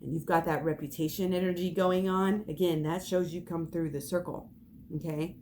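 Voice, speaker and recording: A woman's voice: on the low side, steady tone, normal speed, warm tone, slight background noise. A young woman giving an emphatic spiritual pep talk as a tarot reader, swearing and laughing as she speaks.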